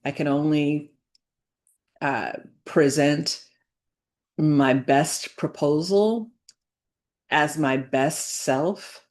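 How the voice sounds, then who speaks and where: Slow, halting low-voiced woman. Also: a little mellow. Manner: slow, halting, with many fillers and restarts; earnest, faith-centered. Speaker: business owner vlogging. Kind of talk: reflective personal vlog.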